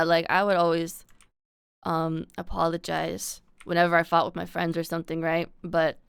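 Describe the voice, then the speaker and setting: A woman's voice: lowish voice, fairly bright tone, clean tone, no room sound. A young adult woman live streaming, chatting candidly and confessionally to her viewers in slangy, casual talk on a close desk mic. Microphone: desk mic close to the mouth.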